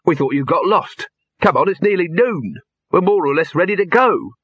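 An uneasy, fussy assistant from a storybook, fretting as he talks, as a man puts him on. A bright, slightly husky voice, recorded dull and lo-fi. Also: high voice, lively intonation, normal speed, no echo, pitched above the performer's own voice, heavily acted. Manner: uncertain, fretful. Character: nervous fussy male film assistant.

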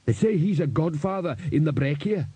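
Man doing a blunt, high-pitched troll. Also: animated, brisk, warm tone, slightly rough, dry recording. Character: excitable high-voiced troll musician, male. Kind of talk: audiobook character voice.

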